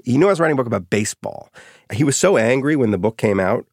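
A middle-aged man, an author being interviewed, telling anecdotes in a lively, casual way. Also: mid-range voice, quick pace, slightly rough, dry recording, studio quality. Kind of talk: storytelling interview.

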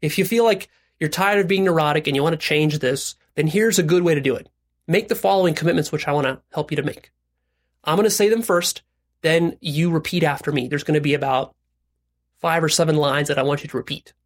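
A man's voice: on the high side, a little fast. A man hosting a self-help video, talking bluntly to the viewer and leading repeat-after-me affirmations. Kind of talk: direct-to-camera self-help talk.

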